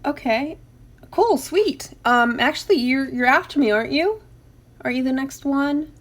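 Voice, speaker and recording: This is a middle-aged woman chatting on her own live stream, reading out names of viewers and laughing between lines. Her voice sits a little high, and she talks at an unhurried, slow pace. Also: lively intonation. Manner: greets viewers by name, laughs often. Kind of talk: casual live stream chat.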